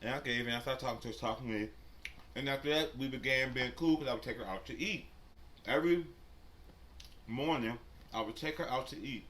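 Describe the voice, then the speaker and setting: A man vlogger telling a story casually while he eats, animated and profane, and talking straight to his viewers. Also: medium pitch, brisk, long pauses, slight background noise. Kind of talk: casual storytelling during a mukbang.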